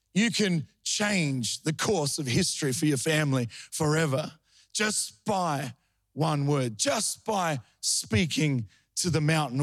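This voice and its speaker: Aussie pastor guy preaching, high voice, dry close sound, gets fired up. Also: dry recording. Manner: storytelling, rising into fervent preaching. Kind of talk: sermon.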